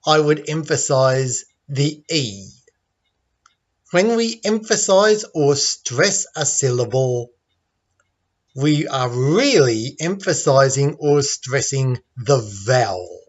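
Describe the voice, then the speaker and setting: A man with an Australian accent teaching English pronunciation in a patient, deliberate way and demonstrating the sounds he explains. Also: medium pitch, lively intonation, muffled recording. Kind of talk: slow, deliberate teaching lesson.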